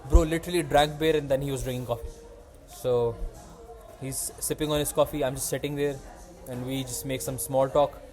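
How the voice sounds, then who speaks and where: In casual podcast chat, a young male host tells a story with animation, voicing the people he quotes. He speaks in a mid-range voice at a moderate pace.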